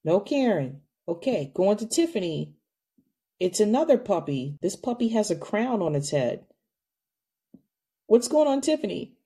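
A woman with a mid-range, slightly rough voice hosts a live call-in podcast, speaking unhurriedly with long pauses. She chats casually and animatedly, addressing her listeners directly as she takes calls.

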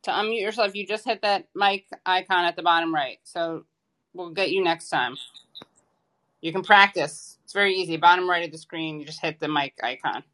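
A woman co-host with a somewhat low voice, chatty and easygoing as she wraps up a live call-in show. She talks listeners through simple steps and plugs the show. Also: moderate pace, a bit bright. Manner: chatty, instructive. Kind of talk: casual show sign-off.

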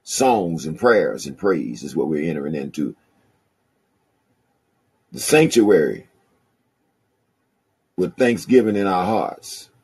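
A husky-voiced man preaches with a Southern country accent, drawing his words out slowly. His delivery swings widely in pitch, climbing on key phrases and dropping low after them. He reads scripture in a preaching cadence. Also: sing-song, darkish tone. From rural American South. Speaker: pastor. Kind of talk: sermon.

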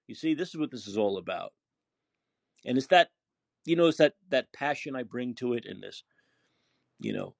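Man, podcast host, impassioned ranting, husky, lively pitch. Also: no echo, studio quality. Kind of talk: call-in talk show.

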